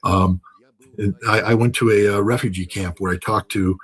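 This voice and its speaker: Older man, interview guest, husky low voice, emphatic, repetitive. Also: fairly even intonation, moderate pace, poor audio. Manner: emphatic, repeats phrases for stress, fillers and restarts. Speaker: interview guest, military commentator. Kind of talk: unscripted interview talk.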